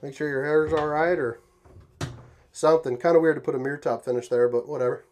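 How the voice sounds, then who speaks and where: A man hosting a casual walkthrough tour inside an RV, talking in a folksy, joking way with relaxed slang. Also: on the high side, quick pace, slight background noise. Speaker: RV tour host.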